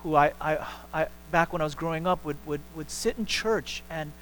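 A man delivering a sermon from the front of a church, his voice sitting a touch higher than most men's. He talks with lively repetition, doubling back on words and pushing upward when he drives a point home. A faint mains hum lingers under the recording. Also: moderate pace, poor audio. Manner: animated, repeats words and restarts, rises sharply for emphasis. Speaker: pastor. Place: church sanctuary.

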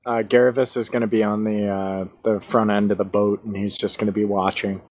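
A man's voice: on the low side, flat delivery, fairly quick, a little mellow. A man playing a tabletop game, describing his character's actions matter-of-factly. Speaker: player.

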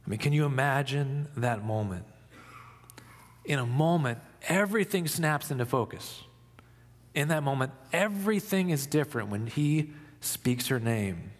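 A pastor giving an Easter sermon, reflective and storytelling, dropping soft for emphasis. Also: male voice, mid-range voice, animated, long reverb tail. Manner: slow, reflective, dramatic pauses, soft for emphasis.

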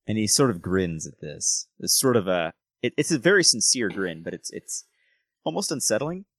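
Bright, lively game master man. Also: lowish voice, normal speed, no room sound. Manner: descriptive, self-correcting narration. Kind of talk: narrating a tabletop game.

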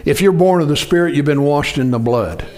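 A man's voice: fairly high pitch, fairly quick, a little mellow. A man preaching a sermon, exhorting the congregation and telling a story loosely with many restarts.

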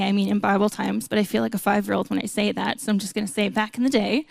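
A woman's voice: medium pitch, gravelly, darkish tone. A woman preaching a sermon in a conversational way, with playful asides to the congregation. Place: church hall. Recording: long hall reverb.

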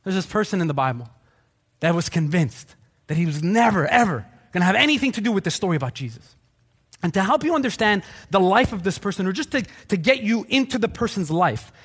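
Animated, high-voiced joking male pastor. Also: fairly quick, husky. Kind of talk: sermon.

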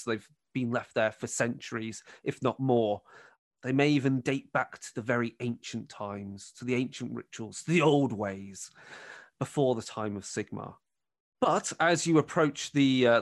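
A man's voice: medium pitch, dry recording, studio quality. A man running a tabletop game, narrating scenes descriptively with many fillers. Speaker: game master.

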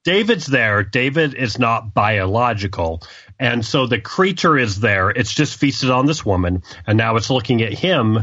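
A man co-hosting a casual film podcast, thinking out loud and hedging his points. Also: medium pitch, animated, unhurried, dry recording, lo-fi sound. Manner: musing, hedging, thinks aloud. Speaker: podcast co-host.

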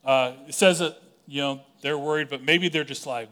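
Casual, animated preaching man. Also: on the high side, normal speed. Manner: conversational preaching with casual asides and acted quotes. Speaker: pastor. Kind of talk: sermon.

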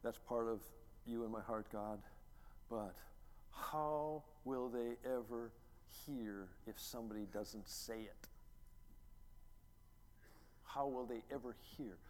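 A middle-aged man, a pastor, preaching a sermon as a story, acting out quotes and building to loud, emphatic peaks. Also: medium pitch, slow, pauses often. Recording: long reverb, faint ambient noise.

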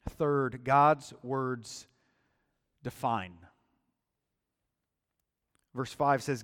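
A man preaching a sermon in a deliberate, emphatic style, often repeating words as he builds his point. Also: on the high side, smooth. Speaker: pastor. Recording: long hall reverb.

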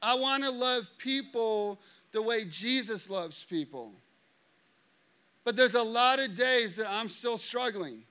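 A male pastor in his thirties delivers a sermon with a high, bright voice. He tells stories animatedly and acts out what people said, then turns earnest and confessional. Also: slow pace, smooth. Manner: animated storytelling, acting out quotes.

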